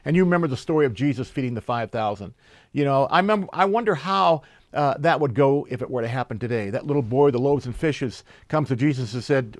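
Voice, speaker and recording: A man preaching a sermon and reading scripture, telling stories with lively energy and slowing down for emphasis. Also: mid-range voice, dry recording. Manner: animated storyteller, slows for emphasis, laughs while telling. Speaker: pastor.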